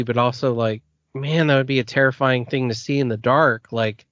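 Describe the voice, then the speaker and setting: A man co-hosting a podcast in relaxed casual chat, laughing often. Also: mid-range voice, moderate pace, no room sound. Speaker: podcast co-host. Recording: dull lo-fi podcast audio.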